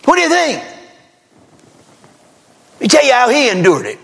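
A man preaching a revival sermon, swinging between loud exhortation and hushed scripture reading, full of folksy rhetorical questions. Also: very high-pitched, huge pitch swings, normal speed, vocal fry, breathy edge.

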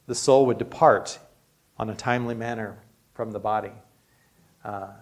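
A man giving a sermon as a pastor, speaking earnestly in a conversational way with many casual asides. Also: medium pitch. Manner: earnest, conversational preaching with frequent "you know".

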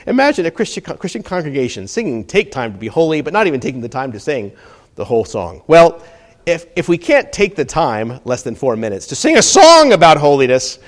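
A man's voice: mid-range voice, big pitch swings, a little fast. Emphatic man preaching a sermon. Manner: swings from hushed to emphatic, repeats key phrases.

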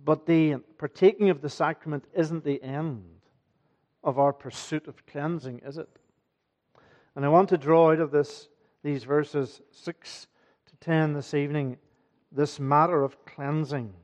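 A man's voice: on the high side, fairly even intonation, a little slow, darkish tone. A man preaching an evening sermon to his congregation, earnest and emphatic, often asking rhetorical questions. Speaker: pastor. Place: church.

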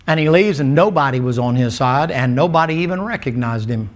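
A man preaching a sermon, telling Bible stories in a folksy, animated way and acting out the characters' words. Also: medium pitch, fairly quick. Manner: folksy, animated storytelling with acted quotes.

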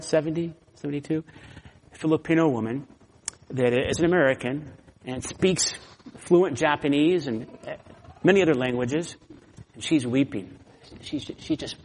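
A man preaching a sermon as pastor, telling stories in an animated way and acting out his own anger. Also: a little high, a little slow, long pauses, slight background noise. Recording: long hall reverb.

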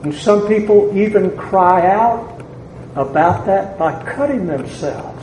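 A man with a Southern US accent preaching a sermon to a congregation in a church, deliberate and building to emphatic peaks. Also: sits high, animated, a little mellow, slight background noise. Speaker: pastor. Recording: echoey church room with faint ambience.

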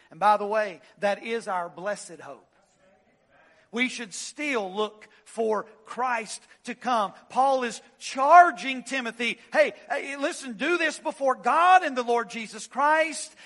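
A man preaching an expository sermon, with dramatic swings from loud emphasis down to hushed, low phrases. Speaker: pastor. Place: church sanctuary.

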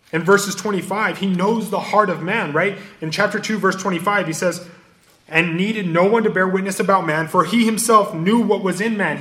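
A man's voice: high-pitched, fairly bright tone. A man preaching an expository sermon, quoting verses and explaining them. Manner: expository preaching, quotes and rereads scripture. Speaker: pastor.

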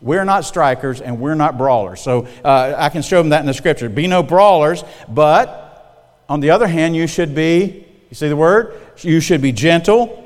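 Middle-aged male pastor, fairly high voice, folksy and conversational, preaching in a big hall with long reverb. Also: moderate pace. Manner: folksy, conversational, checks in with the congregation. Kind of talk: sermon.

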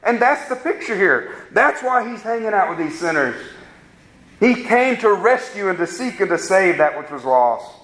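A man's voice: high-pitched, big pitch swings, normal speed, fairly bright tone. A man preaching a sermon as a pastor, earnestly addressing his congregation with rhetorical questions. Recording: roomy echo.

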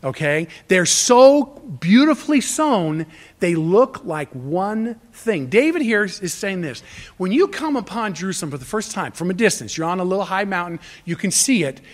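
A man preaching a sermon as pastor, emphatic and repetitive, swinging from loud exhortation to hushed asides. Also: high voice, big pitch swings, moderate pace.

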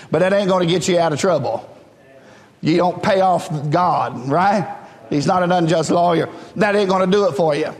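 A man's voice: sits high, moderate pace, long reverb tail. A man, preaching a fervent sermon as pastor to a congregation. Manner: fervent, preaching in a rising call-and-response style. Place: church sanctuary.

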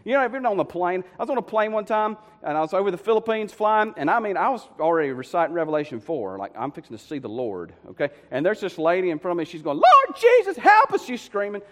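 High-voiced man preaching in a hall. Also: quick pace, few pauses, slight background noise. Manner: animated storytelling, conversational asides to congregation. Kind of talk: sermon. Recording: long hall reverb.

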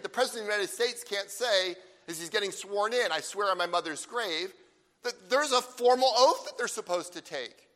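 A man preaching a sermon, emphatic, with slow stressed phrases and rhetorical questions. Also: sits high, pushed and bright. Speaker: pastor. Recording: long hall reverb.

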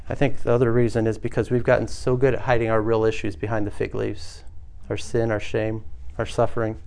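A man's voice: fairly low pitch, level tone, brisk, vocal fry, a little mellow. Earnest man preaching a sermon. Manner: earnest, rhetorical questions to the congregation. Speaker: pastor.

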